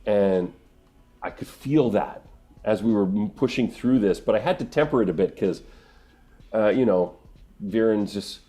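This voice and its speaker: A middle-aged man, a voice actor, answering interview questions in an earnest, emotional way, often pausing and restarting. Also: on the low side, mellow. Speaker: voice actor guest.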